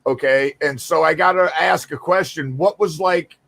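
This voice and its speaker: A man's voice: on the high side, moderate pace, gravelly, a bit bright. An American man hosting a podcast, joking and swearing freely in loose casual talk. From United States. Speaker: host.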